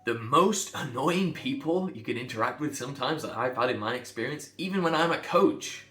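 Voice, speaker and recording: A man from England, a speech coach, talking bluntly and emphatically to camera, sometimes building to loud outbursts. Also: mid-range voice, echoey room.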